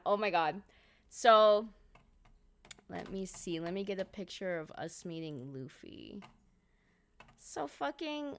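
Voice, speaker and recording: A woman streamer chatting casually and swearing often, muttering to herself between excited bursts. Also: medium pitch. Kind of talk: casual vlog chat while sorting photos.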